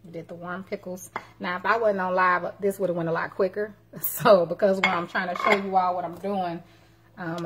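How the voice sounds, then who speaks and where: A woman's voice: on the low side, background noise. A woman cooking at home on a live stream, chatting and teasing as she talks to her viewers. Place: home kitchen. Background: clatter of dishes and cutlery.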